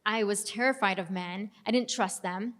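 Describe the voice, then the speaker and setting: A woman's voice: medium pitch, normal speed, fairly bright tone. A young adult woman giving an earnest personal faith testimony in a conversational storytelling manner. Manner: earnest, conversational, reenacts dialogue. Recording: long hall reverb.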